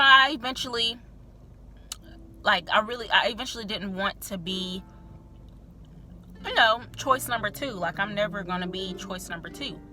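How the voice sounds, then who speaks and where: A woman's voice: medium pitch, bright, forceful tone. A young woman vlogger telling a candid personal story in a chatty, filler-heavy way, swearing freely.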